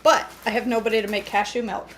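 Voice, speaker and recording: A woman's voice: fairly high pitch, fairly even intonation, fast talker, a bit bright, a little hiss or hum. Chatty woman cooking at home. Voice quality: chatty, self-mocking, talks to viewers by name. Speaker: cooking vlogger. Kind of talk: casual kitchen chat to live viewers. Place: home kitchen.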